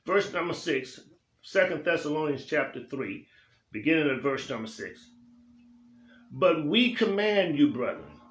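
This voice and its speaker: A man's voice: on the high side, very animated, measured pace, a bit bright. A male pastor teaching a Bible study in a church, speaking emphatically and repeating phrases for weight in a preaching cadence. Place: church sanctuary. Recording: roomy church echo.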